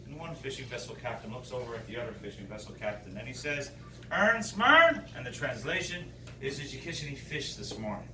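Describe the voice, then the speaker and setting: A man's voice: medium pitch, quick pace, a bit bright. A man with a Newfoundland accent leading a playful, teasing screech-in ceremony, teaching local sayings to a group of visitors. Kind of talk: joking lesson to a group. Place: bar room with a group. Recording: roomy, distant, noisy bar.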